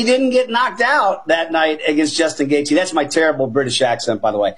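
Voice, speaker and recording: Husky high-voiced man pitching bets. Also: normal speed, few pauses. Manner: energetic, emphatic, keeps addressing the panel as guys. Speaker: sports betting analyst. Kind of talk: animated betting talk show chat.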